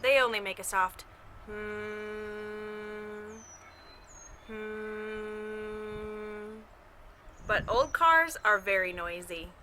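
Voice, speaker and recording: A woman's voice: mid-range voice, very animated, normal speed, few pauses, noisy background. A woman teacher reading a picture book aloud to children outdoors, cheerfully imitating the sounds in the story. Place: outdoors with her dog.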